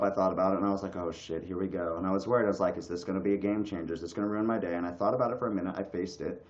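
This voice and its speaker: A young man ranting bluntly and crudely on a casual livestream, his voice swinging from loud bursts to low mutters. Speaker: streamer. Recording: echoey room, dull lo-fi sound.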